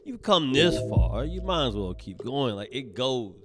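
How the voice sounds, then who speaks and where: A man's voice: medium pitch, very animated, unhurried, loud music behind the voice. A man, a comedian hosting his own podcast, talks in a rambling, profane solo monologue that keeps breaking off and restarting. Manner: rambling, profane, self-interrupting.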